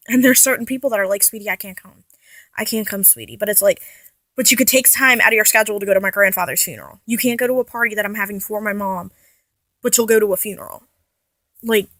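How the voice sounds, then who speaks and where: A young woman talks straight into her camera in a loose, rambling way, often stopping to correct herself. Her voice sits a bit high, and the sound is close and dry with little room echo. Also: a bit bright. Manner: rambling, restarts and self-corrections, chatty. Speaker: vlogger. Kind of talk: casual personal vlog.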